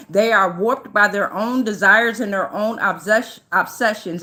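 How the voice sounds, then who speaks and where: A woman's voice: medium pitch, bright, forceful tone. A woman giving a casual, loose and chatty tarot reading, swearing freely and often checking in with her listeners. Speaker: tarot reader.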